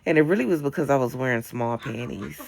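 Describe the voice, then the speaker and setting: A woman in her late twenties chatting on a livestream in a blunt, profane, animated way. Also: extremely low pitch, fast talker, vocal fry. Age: late 20s. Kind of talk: casual livestream chat.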